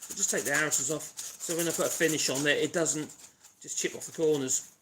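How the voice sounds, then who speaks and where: A Norfolk woodworking host from the East of England talks in a slightly high, brisk, fairly bright voice with fairly even intonation. Rambling and chatty, he hums while working through a casual live demonstration in his home workshop, and the livestream picks up heavy sanding and tool noise.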